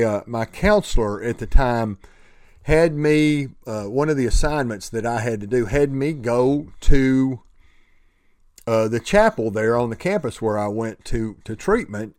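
A man's voice: mid-range voice, measured pace, a little mellow, no echo, clean studio sound. A man giving an earnest motivational talk about prayer and recovery, often repeating words and restarting sentences. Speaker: speaker sharing faith and recovery.

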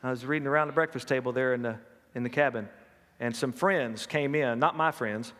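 A man's voice: medium pitch, a little fast, fairly bright tone, big-room sound. A middle-aged man preaching a sermon, telling folksy personal stories. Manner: folksy storytelling with laughs and acted quotes.

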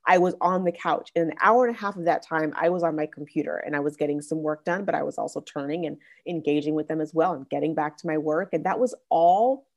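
Young woman, podcast host, casual chatty monologue, lots of "like" fillers, a bit low-pitched. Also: fast talker, few pauses. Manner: chatty, many "like" fillers and restarts. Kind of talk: casual faith-based parenting monologue.

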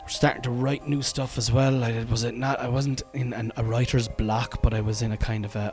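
With faint music behind him, the Cork Irish comedian in his thirties speaks at a moderate pace and a level tone, his mid-range voice a little mellow and seldom pausing. His podcast talk is loose, chatty and self-deprecating, full of fillers and restarts.

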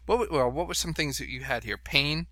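A man's voice: fairly high pitch, brisk, pushed and bright, dry recording. A man hosting a podcast in casual chat, reading out web pages and laughing along. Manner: chatty, reads out web pages, laughs often. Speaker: podcast host.

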